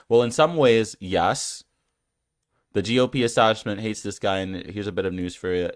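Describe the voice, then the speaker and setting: A man with a low voice rants casually on his own channel. He stumbles over fillers and restarts and sounds exasperated and incredulous. The recording is dry and close. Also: a little slow, clear, resonant tone, dry recording. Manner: rambling with many fillers and restarts. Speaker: channel host. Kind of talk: casual rant reacting to comments.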